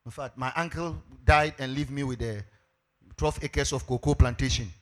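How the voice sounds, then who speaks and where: A preacher playing an earnest Ghanaian farmer. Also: male voice, medium pitch, fairly even intonation, normal speed, fairly bright tone, voice pushed down, lightly acted. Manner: plain, earnest and eager. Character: earnest humble adult male cocoa farmer seeking the president.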